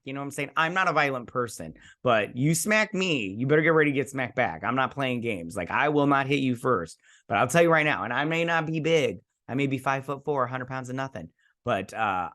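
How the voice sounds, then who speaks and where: A man's voice: mid-range voice, animated, brisk, sharp tone. A young man from Michigan casually recapping a TV episode, rambling and acting out characters' lines as he goes. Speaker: host.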